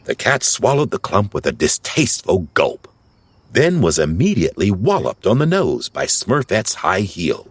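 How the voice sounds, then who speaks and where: A man narrating an audiobook fairy tale in a measured storytelling voice. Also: sits low, husky, no echo. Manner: slow, lively storytelling.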